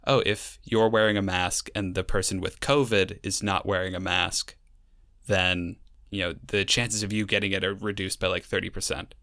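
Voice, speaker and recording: A man's voice: sits low, fairly even intonation, normal speed, pushed and bright, dry recording. A young man co-hosting a casual podcast, talking in a wry, sarcastic way and rambling through his stories. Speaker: podcast co-host. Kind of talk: casual chat.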